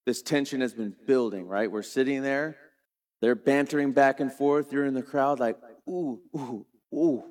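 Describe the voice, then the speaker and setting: A middle-aged man preaching a sermon, retelling a scripture story dramatically and shifting between quiet and loud. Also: mid-range voice, steady tone, moderate pace. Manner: dramatic storytelling preacher, varies volume widely. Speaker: pastor.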